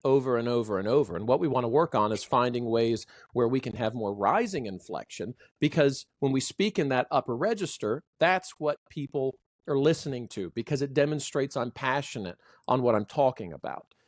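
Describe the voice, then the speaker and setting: A man speaking as a trainer in a casual podcast conversation, showing off vocal inflection with big pitch swings. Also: animated, brisk, hardly any pauses, no echo, studio quality.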